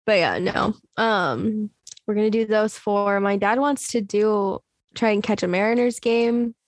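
A woman's voice: mid-range voice, unhurried, dry recording. A young woman in casual podcast chat, talking in an easygoing way and laughing often.

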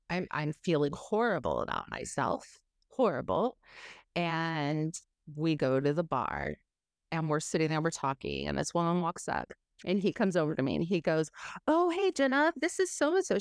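A woman's voice: on the low side, smooth, dry recording, studio quality. A woman telling her own story in an interview, candid and emotional, swearing freely.

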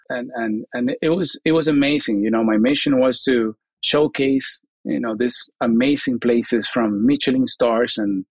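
A middle-aged Venezuelan man, a chef speaking English as his second language, talks earnestly as an interview guest, often restarting with "you know." His voice sits at an ordinary middle pitch. The sound is dry and close. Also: darkish tone, no room sound, rough recording. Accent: Venezuelan Spanish. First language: Spanish. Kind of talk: casual interview chat.

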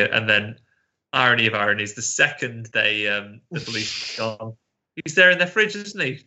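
Brief: male podcast co-host, bright forward tone, chatty storyteller. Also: mid-range voice, normal speed, lo-fi sound. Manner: chatty storyteller, drops into voices for quotes. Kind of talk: casual film chat.

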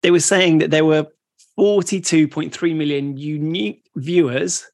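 A man's voice: on the high side, fairly even intonation, normal speed. A man co-hosting a podcast, explaining things in a casual, rambling way with lots of restarts. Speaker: podcast co-host. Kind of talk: casual educational chat.

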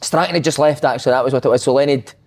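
A Scottish former footballer in casual chat, telling animated stories and laughing often. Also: male voice, medium pitch, very fast.

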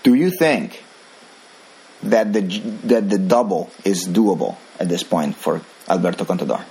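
A man's voice: sits low, a little slow, gravelly, mellow, slightly rough, poor audio. A man hosting a casual podcast chat who rambles with strong opinions and reads listener emails aloud. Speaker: podcast host.

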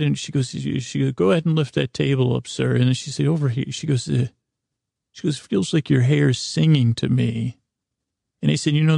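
Gravelly deadpan man telling a rambling story. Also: mid-range voice, no room sound, studio quality. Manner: halting, meandering delivery full of restarts. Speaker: podcast storyteller. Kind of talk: rambling comedic bedtime story narration.

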